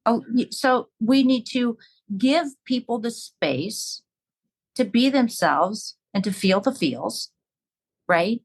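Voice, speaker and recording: A woman's voice: on the high side, lively intonation, slow, low-quality recording. A woman talking earnestly and reflectively in a casual podcast conversation.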